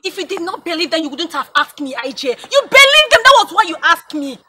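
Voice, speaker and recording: An actress with a Nigerian accent playing a two-faced young woman who schemes against her best friend, dramatic and quick to flare up. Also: very high-pitched, very animated. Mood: outraged. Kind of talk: Nollywood film acting. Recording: noisy film soundtrack.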